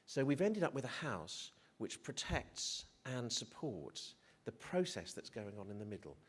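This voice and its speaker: Middle-aged male doctor at a conference podium, unscripted and mid-pitched, who often restarts and jokes at his own expense. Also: very animated, measured pace, husky. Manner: hesitant, restarts, self-deprecating humour. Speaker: physician speaker. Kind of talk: conference presentation. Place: conference hall.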